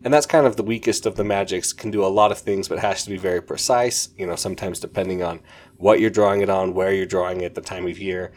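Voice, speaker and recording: A man's voice: deep voice, steady tone, quick pace, a little mellow. A man hosting a podcast, reviewing a fantasy novel in a casual, enthusiastic, rambling way and often correcting himself. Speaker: podcast host.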